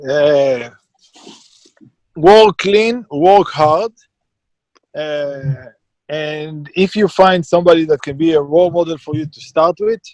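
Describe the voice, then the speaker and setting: A man's voice: a little high, slow, long pauses, a little mellow, no echo. A man who runs a catering business, talking bluntly and with emphasis as an interview guest. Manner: emphatic, blunt, self-described perfectionist. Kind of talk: casual interview conversation.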